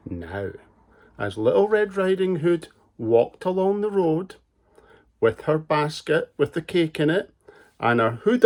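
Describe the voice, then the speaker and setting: A man reading a fairy tale aloud to children in a gentle, expressive way. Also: medium pitch. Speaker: storyteller.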